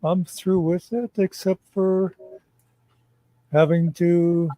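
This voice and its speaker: Man, live chat guest, measured, halting, slightly high, mellow tone. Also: flat delivery, no room sound, poor audio. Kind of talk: casual live-stream chat.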